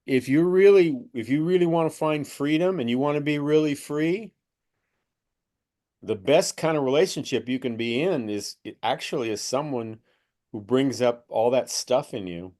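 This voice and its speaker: A middle-aged man with a voice of ordinary pitch speaks as a spiritual teacher in loose conversation. He rambles, restarts and slips into acted-out quoted voices to make his point. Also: moderate pace, darkish tone.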